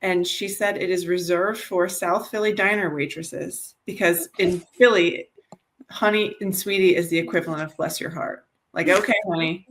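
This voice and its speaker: A woman co-hosting a podcast, chatting casually in an animated way and laughing often. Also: on the low side, normal speed, a little hiss or hum. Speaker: podcast co-host.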